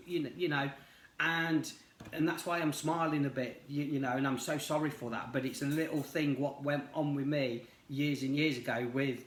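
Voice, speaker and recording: A man's voice: a little high, steady tone, moderate pace. A middle-aged man doing a tarot reading, talking casually and rambling, with lots of fillers and restarts. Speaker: tarot reader. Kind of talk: casual chat while reading cards. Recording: roomy echo.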